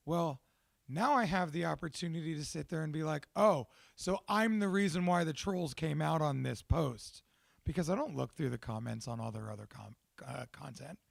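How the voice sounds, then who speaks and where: A young man hosting a podcast, talking in a casual, profane, animated and self-mocking monologue. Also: sits high, gravelly, no echo, clean studio sound. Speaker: podcast host.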